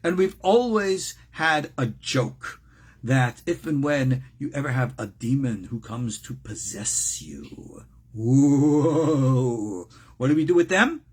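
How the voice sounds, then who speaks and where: An older man, a rabbi, teaches an informal religious class at an unhurried pace. His voice is mid-range and raspy, and he's animated, cracking jokes and making frequent asides.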